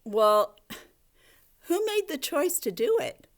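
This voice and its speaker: A woman teacher giving a gentle, coaxing video lesson to young children, talking to a puppet. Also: high voice, sing-song, takes it slowly. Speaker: elementary school teacher.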